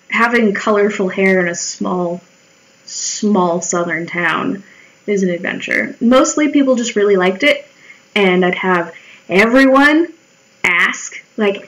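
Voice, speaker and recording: A woman's voice: mid-range voice, fairly bright tone, rough recording. A woman in her twenties chatting casually and wryly while she draws, swearing freely and acting out her own remarks in quoted voices. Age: 20s. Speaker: vlogger. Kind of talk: casual storytelling while drawing.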